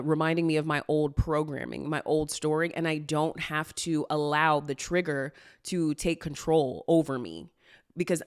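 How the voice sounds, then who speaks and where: A woman's voice: low voice, clean tone. A young adult woman coaching on manifestation in a casual question-and-answer talk, blunt and swearing freely, with lots of "like" fillers.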